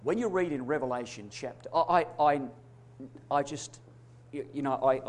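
A man preaching a sermon, emphatic, swinging between loud declarations and hushed asides. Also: mid-range voice, moderate pace, a little hiss or hum. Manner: addresses congregation as brothers and sisters.

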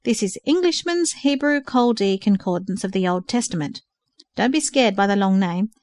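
A woman's voice: mid-range voice, lively intonation, normal speed, no echo, close to an everyday voice. A woman reading the part of a patient older male mentor who carefully explains study books. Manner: careful explaining, gently instructive.

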